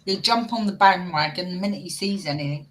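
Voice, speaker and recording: A woman's voice: fairly low pitch, fairly quick. A woman hosting a casual livestream chat, laughing often and teasing her friends. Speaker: livestream host.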